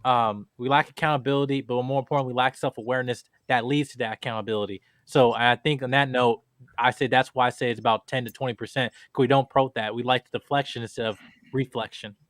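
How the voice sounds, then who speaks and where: A man's voice: medium pitch, fairly even intonation, quick pace, a bit bright, no room sound, clean studio sound. A man from California in a casual podcast discussion, speaking earnestly and reflectively. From California, United States.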